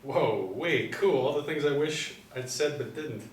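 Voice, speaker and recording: A man's voice: a little high, a little slow, natural voice. A man playing a hesitant, earnest young driver. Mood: admiring. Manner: hesitant, quiet, with restarts. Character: earnest young male truck driver, easily impressed. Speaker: table-read actor. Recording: roomy, distant mic, faint background hum.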